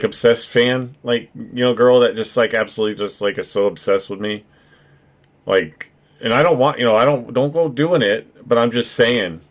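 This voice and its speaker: A man streaming, musing aloud in casual chat, full of fillers and restarts. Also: on the low side. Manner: rambling, filler-heavy musing with frequent "like".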